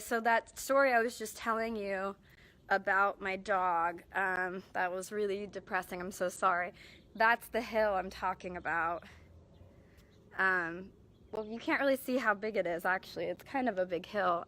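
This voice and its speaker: A woman's voice: medium pitch, a bit bright. A young woman, a singer-songwriter, chatting casually on a live stream from her home, rambling and apologizing with lots of fillers and restarts, speaking into a handheld phone. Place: indoors and outdoors at a home. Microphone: phone held in hand.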